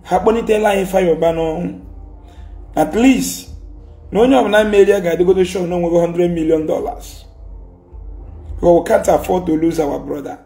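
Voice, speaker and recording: A man's voice: sits high, a little fast, long pauses, mellow, soft background music. A Nigerian man with an Igbo accent, ranting and scolding in a heated social media monologue, mixing Igbo and English and repeating his points. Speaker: commentator.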